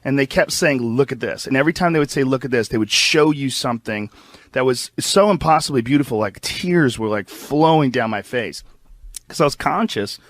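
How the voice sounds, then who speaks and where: A man tells his stories in a loose, rambling way, leaning on "like" as he searches for words. His voice sits at an ordinary middle pitch. The sound is dry and close, with no room around it. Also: expressive, moderate pace, a bit bright, no room sound. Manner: rambling, many "like" fillers. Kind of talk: casual recounting of experiences.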